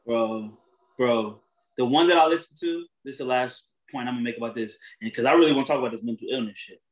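A man's voice: mid-range voice, fast, rough recording. A man co-hosting a podcast in casual chat, telling stories and acting out the exchanges he quotes. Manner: storytelling, acts out quoted exchanges, laughs often. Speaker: podcast co-host.

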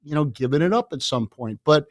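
A man in his sixties from the Chicago area, telling stories as a podcast guest in a lively way, often laughing and repeating words. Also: on the high side, brisk, no room sound, studio quality. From Chicago area, USA. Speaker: guest, author. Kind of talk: anecdotal storytelling in a podcast interview.

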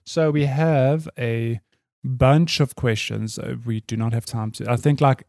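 A man co-hosting a relaxed podcast, his voice sitting at an ordinary middle pitch. He chats loosely and breaks into laughter often. The sound is close and dry, with no room around it. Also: unhurried, gravelly, dry recording. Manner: chatty, laughs often while reading listener mail. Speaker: podcast co-host. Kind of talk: casual chat.

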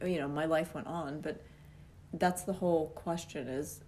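A woman's voice: sits low, fairly even intonation, moderate pace, a little mellow, a little hiss or hum. A young woman in a casual talk, animatedly recounting a personal story and laughing often as she tells it. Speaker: guest telling a personal story.

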